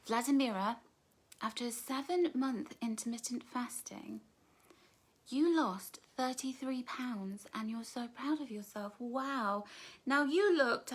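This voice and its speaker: A woman's voice: on the high side, measured pace. A middle-aged woman, chatting on a live stream and reading viewers' comments aloud, calling them darling and my love. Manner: warm, affectionate, calls viewers darling and my love. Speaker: author hosting a live book launch.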